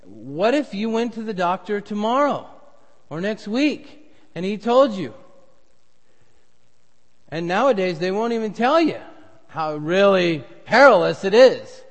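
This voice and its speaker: A middle-aged male pastor delivering a sermon, swelling to loud, emphatic peaks when making a point. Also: high-pitched, big pitch swings, a little slow, pauses often. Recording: long reverb of a church hall.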